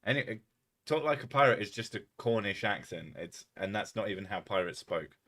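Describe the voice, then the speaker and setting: A man's voice: on the low side, expressive, brisk, a bit bright. A man from England with a southern English accent, chatting casually on a livestream, swearing freely and laughing often. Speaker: streamer.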